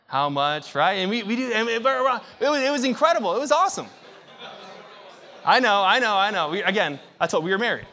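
A young man preaching a sermon, telling a story with big swings from hushed to shouting. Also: high-pitched, expressive, fairly quick.

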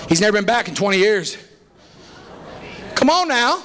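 A man preaching a fiery revival sermon as a visiting preacher, shouting and repeating lines for emphasis. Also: extremely high pitch, very animated, moderate pace, long pauses. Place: church sanctuary.

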